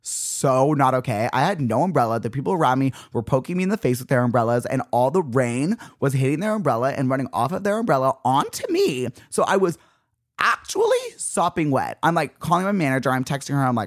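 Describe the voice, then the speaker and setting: Young male podcast host, animated exasperated rant, dry close sound. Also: fast, dry recording. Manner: dramatic, exasperated storytelling with big pitch jumps.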